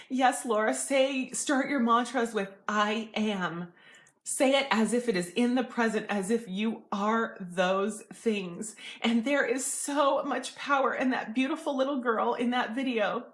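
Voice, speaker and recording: A woman hosting an inspirational video, speaking gently and earnestly to viewers. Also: on the high side, unhurried. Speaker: motivational video host. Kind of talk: heartfelt direct-to-camera encouragement.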